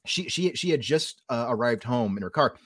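A man's voice: lively intonation, moderate pace, slightly rough, dry recording, studio quality. A man from California co-hosting a podcast, telling a long story in casual chat with many restarts and fillers. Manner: acts out quoted voices in a higher pitch. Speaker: podcast co-host.

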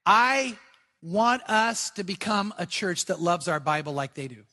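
Fervent older male preacher, high and bright. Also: expressive, unhurried. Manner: fervent, emphatic, repeats phrases. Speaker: pastor. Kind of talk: sermon. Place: church sanctuary before a congregation.

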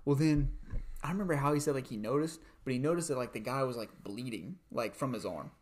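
Brief: chatty podcast host, loose rambling delivery, middle pitch. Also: fast. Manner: rambling, many "like"s, laughs while telling. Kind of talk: casual storytelling chat.

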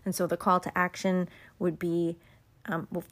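A woman's voice: fairly low pitch, level tone, normal speed, fairly bright tone. A mother hosting her own podcast, telling a personal story in a candid, chatty and reflective way. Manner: candid, chatty, self-deprecating. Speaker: podcast host. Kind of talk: casual reflective podcast monologue.

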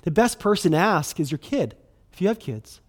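Chatty pastor, slightly high voice. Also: male voice, big pitch swings. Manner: conversational, filler-heavy, restarts, quick bursts. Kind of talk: sermon.

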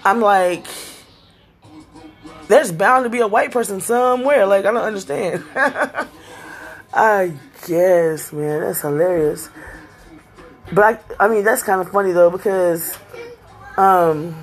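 A woman's voice: mid-range voice, takes it slowly, long pauses, faint music behind. A middle-aged woman from Texas telling a rambling, profane story in a casual vlog, laughing often. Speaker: vlogger.

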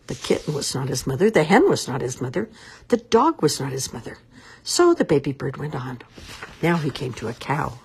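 A woman reading a children's story aloud in an expressive, sing-song storybook manner. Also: low voice, normal speed, creaky, breathy edge.

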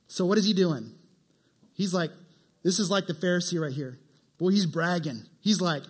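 A male preacher with a high voice gives an animated, conversational sermon. He keeps asking the listeners questions as he talks. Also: moderate pace, breathy edge. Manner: animated, asks the crowd questions.

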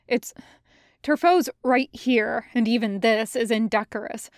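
Woman reading as a hoarse, halting young male cadet. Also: a little high, dry recording, clean studio sound. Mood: strained.

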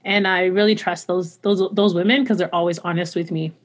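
A woman who sings opera, talking earnestly in a casual interview, full of "like" fillers and quick laughs. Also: lowish voice, steady tone. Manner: chatty and earnest, filler-heavy with frequent "like"; laughs often while talking. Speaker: opera singer, interview guest.

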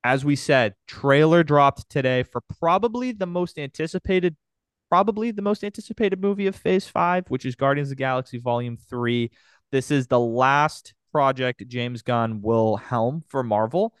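Male podcast host, rambling fan chat, smooth and dry. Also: mid-range voice, moderate pace, dry recording. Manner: enthusiastic, rambling with many fillers. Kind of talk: casual chat.

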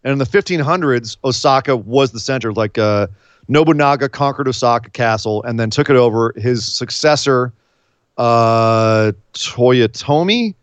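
An American man co-hosting a wrestling podcast, talking in a rambling, animated casual chat with many fillers. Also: medium pitch, dry recording. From United States.

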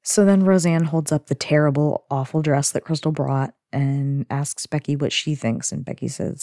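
Low gravelly-voiced chatty woman. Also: moderate pace, few pauses, mellow, no room sound, studio quality. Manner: chatty, lots of "like" fillers, giggly asides. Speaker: podcast host. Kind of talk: casual episode recap.

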